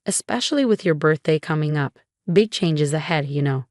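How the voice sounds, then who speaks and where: Shrill, status-obsessed middle-aged mother read plainly by a woman narrator; low, dry. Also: animated, normal speed, dry recording.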